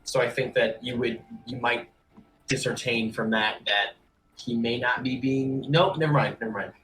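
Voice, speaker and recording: A man's voice: medium pitch, steady tone, normal speed, fairly bright tone, poor audio. A man narrating a tabletop game as game master, casual with many fillers.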